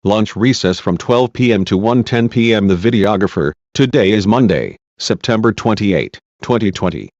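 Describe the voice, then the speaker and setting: A man's voice: fairly low pitch, expressive, moderate pace, few pauses, darkish tone, dry recording. A man reading a male videographer's formal record announcements, in a dull lo-fi recording.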